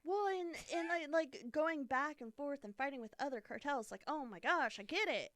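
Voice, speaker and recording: Animated chatty woman, bright higher voice. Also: normal speed, dry recording. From Alaska. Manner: chatty, animated storyteller, says "freaking" a lot. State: sore throat. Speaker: podcast co-host. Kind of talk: casual chat.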